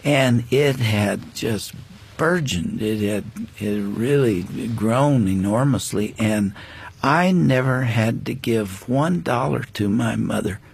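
An older man, a guest on a faith interview show, telling a personal story in an earnest, reflective way with frequent pauses and restarts. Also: medium pitch, creaky, a little hiss or hum.

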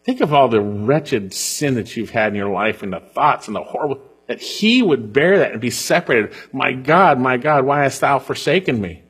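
A pastor preaching an earnest sermon and reading scripture aloud, often dropping to a hush on key points. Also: male voice, mid-range voice, expressive, normal speed, hardly any pauses, slightly rough.

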